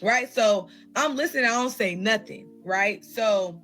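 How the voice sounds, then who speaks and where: A young woman telling a personal story in a casual, blunt and profane way, with lively asides to her viewers. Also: mid-range voice, measured pace, music in the background.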